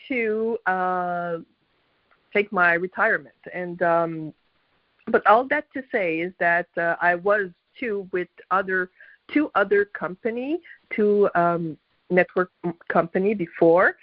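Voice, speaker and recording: A woman's voice: medium pitch, no room sound. A middle-aged woman from Quebec with a Québécois French accent, telling her story as a guest on a call, hesitant with many fillers and frequent laughs. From Quebec, Canada. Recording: dull lo-fi call audio.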